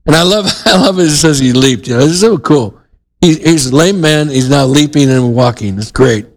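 A man's voice: a little high, moderate pace, rough recording. A male pastor giving a sermon in a conversational way, with frequent restarts and asides to the congregation.

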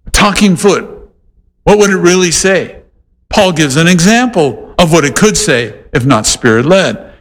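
Animated preacher man in a reverberant hall. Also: a little high, unhurried. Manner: animated preaching with playful voiced asides. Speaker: pastor. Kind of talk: sermon.

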